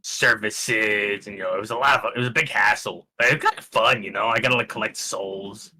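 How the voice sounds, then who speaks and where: A man's voice: fairly low pitch, fairly quick, sharp tone, slight background noise, poor audio. A man playing a tabletop game, rambling and hesitant as he tells a story in character. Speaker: player.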